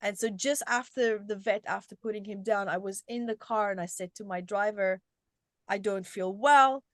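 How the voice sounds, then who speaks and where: A middle-aged woman from South Africa, a guest telling her story in an animated, conversational way, often restarting her sentences. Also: mid-range voice, brisk, dry recording, clean studio sound. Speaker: guest, self-help author.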